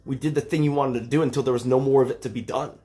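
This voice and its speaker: A man's voice: medium pitch, fairly even intonation, very fast, dark tone. A man in his thirties arguing heatedly on a livestream, lecturing and exasperated, swearing often. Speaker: streamer.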